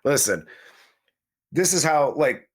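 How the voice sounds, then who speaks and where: A man's voice: on the high side, animated, takes it slowly, husky. A man co-hosting a movie review chat, rambling and talking about the film as if he were its hero. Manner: rambling, speaks in character as the film's hero in first person. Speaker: movie review podcast co-host. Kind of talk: casual chat.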